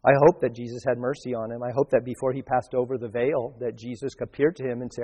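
A man's voice: mid-range voice, little pitch movement, fast talker, hardly any pauses, dark tone, breathy edge. A male pastor giving a sermon in a conversational, storytelling way, with frequent restarts. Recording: long reverb.

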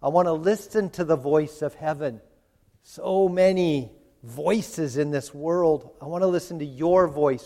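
A man's voice: fairly high pitch, measured pace, mellow. A man preaching a sermon in an earnest, pleading way, addressing his listeners directly. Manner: earnest, pleading, voices God and Jesus in quotes. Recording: long hall reverb.

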